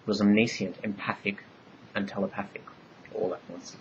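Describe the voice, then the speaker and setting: Low-voiced man narrating a story. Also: level tone, muffled recording, a loud crowd. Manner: measured, ornate storytelling. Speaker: author narrating his story.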